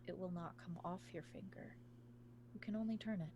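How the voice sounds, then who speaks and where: A woman narrating as game master of a tabletop game, in a low, measured way. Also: fairly even intonation, dull audio, noisy background.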